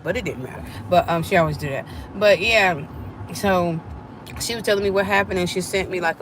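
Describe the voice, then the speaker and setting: A woman's voice: lowish voice, background noise. A middle-aged woman, chatting with viewers during a live stream and acting out the voices in her story. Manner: animated, acts out quoted voices.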